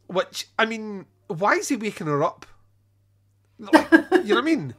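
A man's voice: sits high, sing-song, a little slow, a bit bright, husky. A man hosting a podcast and chatting casually about a film, rambling, swearing and laughing often. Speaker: podcast host. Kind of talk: casual film review chat.

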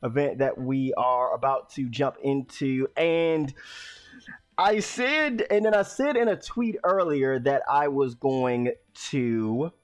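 A man casually streaming a game, rambling and restarting his sentences, sometimes bursting into loud exclamations. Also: mid-range voice, takes it slowly. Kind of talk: casual let's-play commentary.

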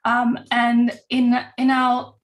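A woman's voice: on the high side, completely flat delivery, slow pace. A woman hosting a health interview, asking questions with hesitant restarts. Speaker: host.

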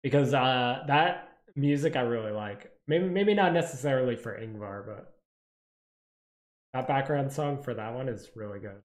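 A man's voice: medium pitch, moderate pace, roomy sound. A man hosting a casual stream chat, thinking aloud with lots of fillers. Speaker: series creator and stream host.

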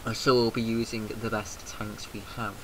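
A British man giving casual, excitable let's-play commentary, swearing freely and shouting rallying cries, with a slightly mucousy throat. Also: lowish voice, normal speed, background noise. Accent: British English. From Britain. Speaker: gaming video host.

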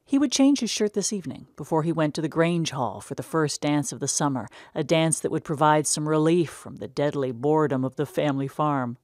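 A woman narrating a short story in a measured, unhurried way. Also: deep voice, lively intonation, darkish tone, no room sound, clean studio sound.

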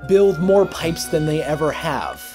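A woman co-hosting a let's-play video, joking and swearing with bursts of shouting over game music. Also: deep voice, unhurried. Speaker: gaming video co-host. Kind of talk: casual let's-play banter. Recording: game music playing behind.

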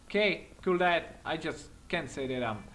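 A man giving excitable let's-play commentary while acting as a patrol cop in a game, speaking non-native English with small slips, swearing and laughing often. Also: a little high, moderate pace, a little hiss or hum. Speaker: gaming commentator.

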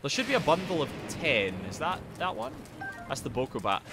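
Male game streamer, animated, sweary, loud outbursts, music bed. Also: a little high, moderate pace. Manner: sweary, excitable, yells at the game. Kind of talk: live gameplay commentary and chat.

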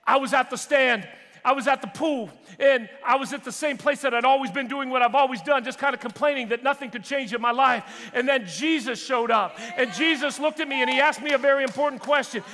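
Man doing reflective healed paralyzed man, high bright voice, long hall reverb. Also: brisk, heavily acted.

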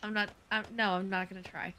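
A woman's voice: medium pitch, level tone, fast talker, pushed and bright, slight background noise. A woman in casual multiplayer game chat, playful and bickering, snapping back at teasing.

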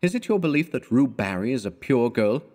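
A man's voice: mid-range voice, sing-song, a little fast, a little mellow, long reverb tail, voice pushed up, close to an everyday voice. A man voicing an exasperated young male art student who scolds his friend with scorn. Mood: scornful.

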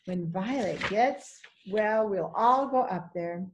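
A woman reading a gentle kind grandfather. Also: medium pitch, slow, background noise. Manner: gentle, warm-hearted. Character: kind wealthy grandfather, older man.

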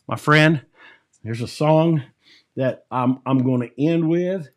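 Man, preacher, sermon, slightly high voice, lively, dry close sound. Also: slow, dry recording. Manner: animated, stumbles and repeats words, acts out scripture quotes; laughs between points.

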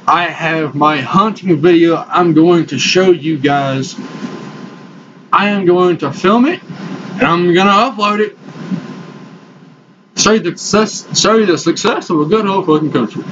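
A young man, vlogging in a rowdy, profane rant while talking with tobacco in his lip. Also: sits high. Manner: rowdy, swears constantly. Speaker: vlogger reviewing dip. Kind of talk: casual profane vlog rant. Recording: dull lo-fi audio with loud background noise.

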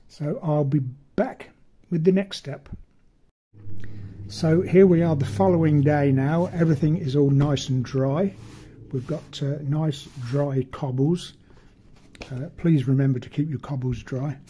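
A man's voice: fairly high pitch, dark tone, slightly rough. A man giving a casual hands-on model-making tutorial, rambling and self-deprecating as he works.

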